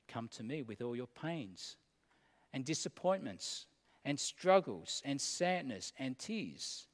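Slow, earnest preacher man in a hall. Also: on the high side, darkish tone. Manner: earnest, slow and deliberate, with pauses between phrases. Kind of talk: sermon.

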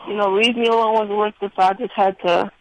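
A woman's voice: medium pitch, fairly even intonation, fast talker. A woman sits in as a radio guest and answers in a casual, blunt way. Her replies are short and plainspoken. The sound is dry, with no room echo. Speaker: radio guest telling her workplace harassment story. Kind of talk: casual talk.

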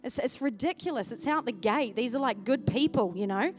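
Woman preacher, high-pitched, emotional storyteller, swings loud to hushed; faint music behind. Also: animated, fairly quick. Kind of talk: sermon. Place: church service.

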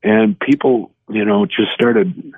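A man in his sixties, a guest telling a personal story in earnest, halting speech with many restarts, heard over a phone line. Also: medium pitch, big pitch swings, gravelly, no echo. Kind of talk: personal testimony in an interview. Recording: tinny dry phone line.

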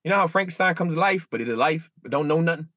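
In an emotional interview, a man in his thirties speaks earnestly as a guest, repeating himself, restarting, and acting out inner voices. His slightly high voice is expressive and rapid-fire, and the recording is dry and muffled.

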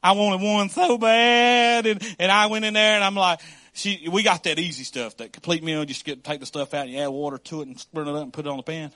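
High-voiced bright pastor preaching. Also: male voice, fast. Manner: storytelling with laughs and acted quotes. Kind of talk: sermon.

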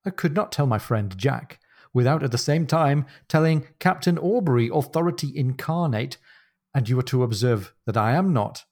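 A man voicing a calm ship's surgeon who reasons his way out of blame in a measured tone. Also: medium pitch, close to an everyday voice.

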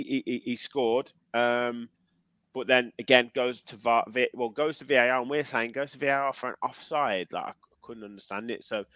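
A man's voice: medium pitch, fairly bright tone, no room sound. A man hosting a football podcast, chatting casually with fillers and reading out listener comments. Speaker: podcast host.

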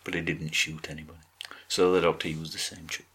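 Deep-voiced man with deadpan comebacks. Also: fast, husky. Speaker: podcast co-host. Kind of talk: casual chat.

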